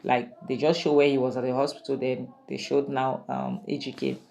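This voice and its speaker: A woman retelling a drama series in a relaxed, gossipy way. Her voice sits low, and she throws in exclamations and opinions as she goes. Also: fairly quick, gravelly. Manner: chatty and opinionated, with exclamations and asides. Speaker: drama reviewer. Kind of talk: casual spoken recap of a drama series.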